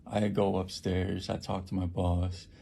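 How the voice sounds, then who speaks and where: A man who works at a homeless shelter recounts an attack in a halting personal account, with many fillers and restarts. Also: deep voice, little pitch movement, vocal fry, mellow, breathy edge.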